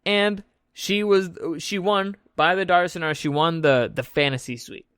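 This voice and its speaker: A man's voice: sits high, expressive, unhurried, a bit bright, clean tone, dry recording, clean studio sound. A young man casually recapping an event in a loose, joking way, swearing freely as he tells the story. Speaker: vlog host recapping an event.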